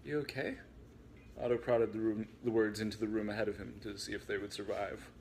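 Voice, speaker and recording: A man reading aloud from his own book in a relaxed way, with chatty asides. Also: on the low side, fast talker, a little hiss or hum.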